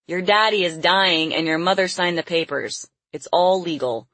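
A woman's voice: on the low side, normal speed, fairly bright tone, dry recording. A woman voicing a smug, menacing man who holds a child captive in an audiobook. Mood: taunting. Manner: smug, taunting. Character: smug, menacing middle-aged male captor.

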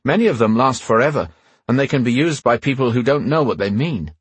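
A man reading an audiobook, voicing a defiant young male wizard with a breathy, raised voice. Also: mid-range voice, expressive, brisk, no room sound. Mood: explaining. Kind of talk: audiobook character voice.

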